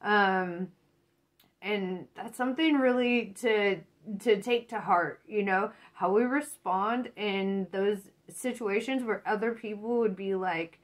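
A woman's voice: medium pitch, takes it slowly. Woman tarot reader, casual and profane, cheering on the listener. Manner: profane, encouraging, rambling. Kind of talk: casual spoken tarot reading.

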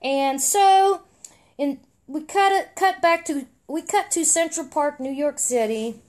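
Middle-aged mom reading a comic aloud, high voice, unhurried, unpolished and wry. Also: female voice. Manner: chatty, unpolished read-aloud, wry asides. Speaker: podcast co-host reading a story.

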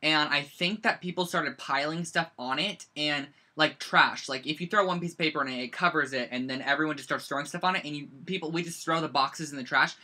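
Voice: mid-range voice, fairly quick, few pauses, pushed and bright. A teenager running a live-streamed scrapbooking demo from a bedroom at home, rambling and chatty with lots of "like". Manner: rambling and chatty, heavy use of "like". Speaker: scrapbooking instructor. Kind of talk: live-streamed craft demo, casual chat.

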